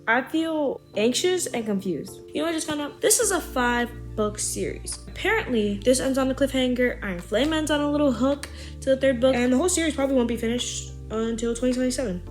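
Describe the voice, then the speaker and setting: A young woman talking through her reactions to a fantasy book in a dramatic, expressive way, swearing freely. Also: a little high, a little fast. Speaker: book vlogger. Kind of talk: casual reaction vlog. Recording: roomy echo with background music.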